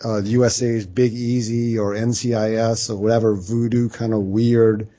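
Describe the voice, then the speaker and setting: A man from New Orleans, a guest on a sports podcast, trading dry deadpan one-liners. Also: fairly low pitch, moderate pace, highs cut off. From New Orleans, Louisiana. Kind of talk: casual sports podcast chat.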